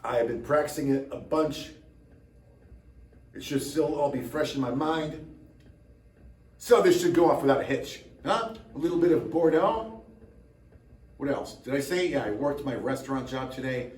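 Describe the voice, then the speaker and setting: A man's voice: mid-range voice, moderate pace, pauses often, a little mellow, reverberant, recorded from a distance. A tired man hosting his own channel, chatting casually to camera with rambling, self-mocking dry jokes. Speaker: drummer and channel host.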